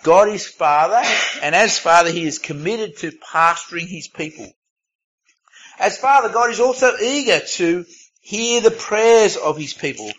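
A man's voice: fairly high pitch, a bit bright, low-quality recording. A man preaching a sermon in a conversational way, reading scripture and adding casual asides. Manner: conversational, reads scripture aloud, self-aware asides.

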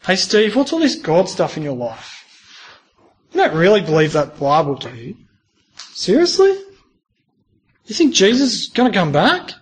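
A man's voice: sits high, wildly swooping pitch, moderate pace, long pauses, husky, heavily acted. A man voicing teasing student friends who mock belief and coax toward the pub. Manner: teasing and dismissive, coaxing.

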